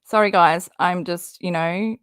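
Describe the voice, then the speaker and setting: A woman runs a live commentary stream. She talks slowly and bluntly, calls out her target directly, swears, and stops to answer chat comments. Her voice is dry and close, with no room sound. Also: lowish voice, fairly even intonation, clean tone, no room sound. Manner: reads viewer chat comments aloud.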